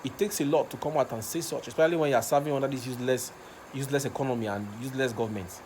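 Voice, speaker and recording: A man's voice: mid-range voice, racing, darkish tone, a little hiss or hum. A man with a Nigerian accent, recording a passionate rant video, repeating himself and stumbling over words as he gets worked up. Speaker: vlogger.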